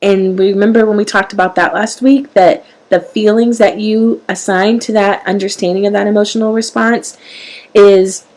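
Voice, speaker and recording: A woman's voice: medium pitch, normal speed, low-quality recording. Earnest woman coaching parents. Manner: earnest, animated coaching with plain talk. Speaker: parenting show host. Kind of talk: live-streamed motivational talk.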